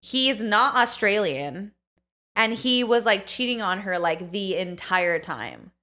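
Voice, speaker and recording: Woman podcast co-host, bright tone, casual gossip storytelling, filler-heavy rambling. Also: medium pitch, lively intonation, a little slow.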